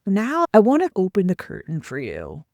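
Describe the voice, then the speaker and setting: A woman's voice: medium pitch, normal speed, no echo, studio quality. Candid woman coach telling a story. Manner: candid, animated retelling with quoted dialogue. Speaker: career coach. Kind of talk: personal storytelling monologue.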